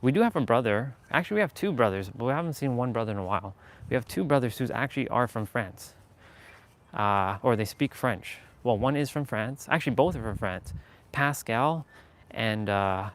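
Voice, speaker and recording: A man hosting a casual motivational live stream, talking earnestly and rambling with lots of fillers and laughs. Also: mid-range voice.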